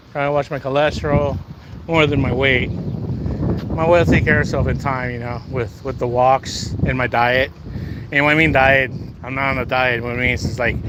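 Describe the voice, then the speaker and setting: Casual male livestreamer on a walk, mid-pitched, chatty with viewers, heavy wind and traffic noise. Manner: chatty, answers viewer comments, says "bro" and "man". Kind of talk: casual live walk-and-talk stream. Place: outdoors, walking.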